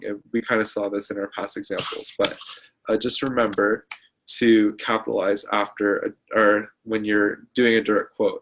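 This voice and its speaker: A young man presents a grammar lesson over his slides. His voice sits a little low, and he talks haltingly, with frequent fillers and self-corrections. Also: a bit bright. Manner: halting, many fillers and restarts. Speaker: student presenter.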